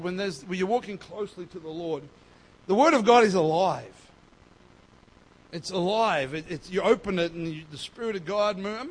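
High-pitched guy preaching a sermon, gets loud then drops soft. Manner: emphatic preaching with quoted voices, swinging loud and soft. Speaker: pastor.

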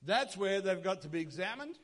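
A man's voice: sits high, animated, fairly quick, a bit bright. A male pastor preaching a sermon, emphatic, with rhetorical questions and repeated phrases.

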